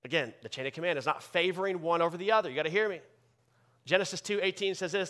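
Bright-voiced preaching pastor. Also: male voice, sits high, fast. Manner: emphatic preaching, swinging from loud bursts to quiet asides. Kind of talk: sermon.

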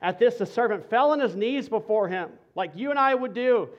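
A male pastor preaching a sermon to his congregation, conversational and energetic, shifting into a soft, earnest intensity. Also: sits high, brisk, muffled recording.

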